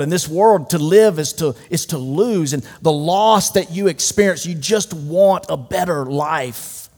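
A man's voice with a slightly high pitch delivers an emphatic sermon in a large room. He swings from loud declarations to hushed, close asides. Long reverb trails every phrase. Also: moderate pace, hardly any pauses. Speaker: pastor.

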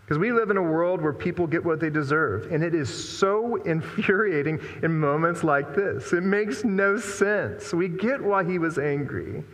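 A man's voice: a little high, a bit bright. A male pastor preaching a sermon, telling the story in a reflective, conversational way. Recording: long hall reverb.

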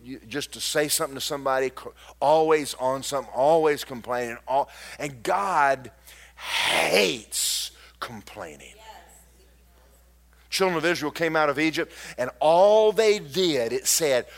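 A man preaching a sermon as pastor, exhorting and joking with his congregation and rising to shouts. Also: medium pitch.

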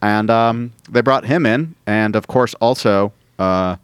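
A man chatting on a podcast, telling stories in a lively way and slipping into little voices for people he quotes. His voice is smooth and resonant. The sound is dry and close. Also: lowish voice, a little slow, no room sound. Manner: animated storyteller who slips into quoted voices. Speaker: podcast host. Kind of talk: casual chat.

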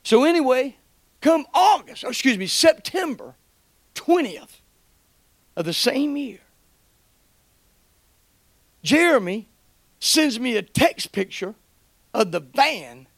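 Preacher guy, real high voice, gravelly, shouting hallelujahs at church. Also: no echo. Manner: exuberant, shouting praise, quoting dialogue. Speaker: guest preacher. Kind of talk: animated sermon testimony.

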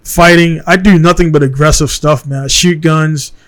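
A man's voice: on the high side, fairly even intonation, moderate pace, a bit bright. A man from Baltimore hosting a casual podcast conversation in a studio. He talks in a blunt, heated way and keeps tossing in "man". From Baltimore, USA.

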